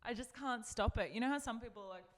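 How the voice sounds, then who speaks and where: A woman's voice: fairly high pitch, fast. A woman co-hosting a podcast, chatting casually, teasing and swearing. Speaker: podcast co-host. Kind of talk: casual chat.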